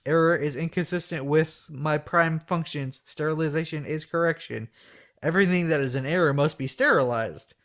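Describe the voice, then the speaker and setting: A man reading the lines of a cold male spaceship computer probe, flat and repetitive. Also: on the high side, normal speed.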